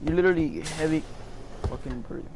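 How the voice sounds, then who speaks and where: A man streaming a game, chatting casually with his viewers, excitable and swearing a lot. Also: fairly high pitch, a little fast, noisy background. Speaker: gaming streamer. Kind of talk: casual gameplay commentary.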